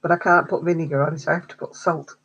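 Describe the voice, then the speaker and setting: A woman's voice: low voice, fairly even intonation, very fast, a bit bright, husky, highs cut off. A woman hosting a craft livestream, chatting casually with viewers, answering their comments and laughing often. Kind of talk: casual chat with live viewers.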